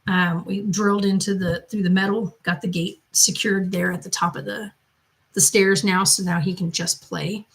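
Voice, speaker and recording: Speaking from the loft of her house, this mother and channel host answers viewer comments in a rambling, chatty way, telling stories loosely. Her mid-range voice is flat and moderately paced with vocal fry, and the recording is low quality.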